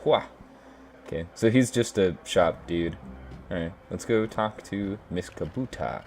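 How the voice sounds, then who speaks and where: Hosting a gaming video, a man offers laid-back let's play commentary and reads the game text aloud. His voice is low and darkish at a measured pace, with a little hiss or hum in the recording.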